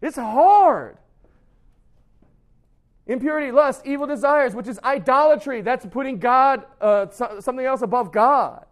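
A young man preaches to a youth group in a loose, conversational way, often slipping into playful impressions of his students' excuses. His voice sits high and lively. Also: a little slow. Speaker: youth pastor. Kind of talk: youth sermon.

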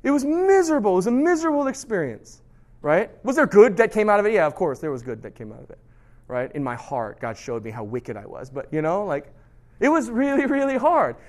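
High-voiced animated man preaching. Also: a little fast. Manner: animated, lively storytelling with sudden drops to soft tones. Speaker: pastor. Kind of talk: sermon.

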